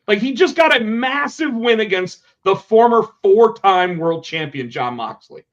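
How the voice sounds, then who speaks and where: A man hosting a podcast in casual chat, animated and quick to swear. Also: high-pitched. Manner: animated, swears, acts out quotes. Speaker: podcast host. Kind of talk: casual chat about pro wrestling. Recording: dull lo-fi sound.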